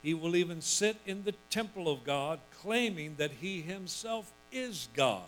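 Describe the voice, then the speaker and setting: A male pastor preaching a sermon, reading scripture and breaking into loud, emphatic asides and acted-out quotes. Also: a little high, animated, unhurried, faint music behind, poor audio.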